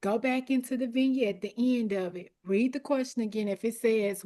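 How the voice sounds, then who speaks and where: A woman leads an online study group as an exam coach, her fairly high voice going hoarse as she clears her throat again and again. She talks directly, repeating her main points and encouraging the group. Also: moderate pace, mellow. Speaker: academic coach.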